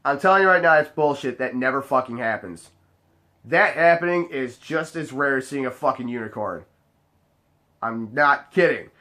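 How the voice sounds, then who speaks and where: A man who works as a bar bouncer, telling a story to the camera in a casual, profane, animated way. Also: mid-range voice, normal speed. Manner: profane, animated, acts out other people's voices.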